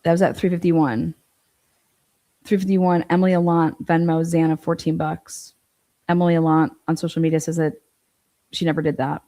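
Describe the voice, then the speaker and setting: Woman, livestream true crime commentary, blunt, profane, incredulous, lowish voice, warm dark tone.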